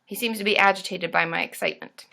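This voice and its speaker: A woman's voice: mid-range voice, steady tone, fast, gravelly, sharp tone. A woman therapist hosting a casual livestream from home, bubbly and chatty, greeting viewers with squealed cheers and casual swearing.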